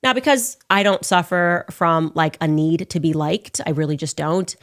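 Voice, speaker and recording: A woman delivering opinionated political commentary in a sarcastic, animated way. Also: low voice, normal speed. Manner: sarcastic, animated, mocks with put-on voices.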